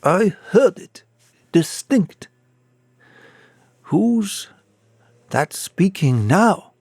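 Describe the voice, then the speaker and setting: A man voicing a nervous, curious male villager in an audiobook, speaking in hushed, excitable asides. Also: sits high, very slow, dry recording, studio quality, voice pushed up, exaggerated voice.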